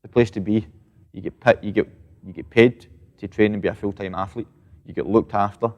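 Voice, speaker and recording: A man's voice: fairly low pitch, fairly even intonation, brisk, a little mellow, highs cut off. A Scottish man in his thirties, a boxer chatting casually in an interview, swearing freely and tagging lines with "mate". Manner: swears freely, fills with "mate" and "know what I mean". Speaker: professional boxer, guest. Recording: long reverb.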